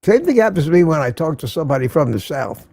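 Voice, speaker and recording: A man's voice: fairly high pitch, very animated, fast talker, gravelly, mellow, no room sound. An older man hosting a casual morning livestream, greeting viewers by name and reading the chat aloud. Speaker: livestream host.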